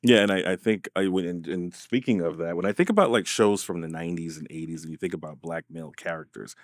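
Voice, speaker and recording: A man's voice: deep voice, quick pace, dry recording, studio quality. A man hosting a podcast, chatting casually and backing up his guest with frequent agreement sounds. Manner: frequent backchannel "mm-hmm", "sure". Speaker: podcast host. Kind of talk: conversational interview.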